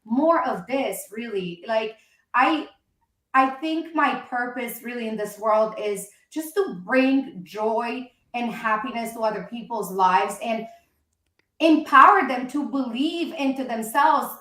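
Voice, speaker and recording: A woman podcast host speaks casually, animated and heartfelt. Her voice sits a little high, and the sound carries the echo of a roomy space. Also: slow pace.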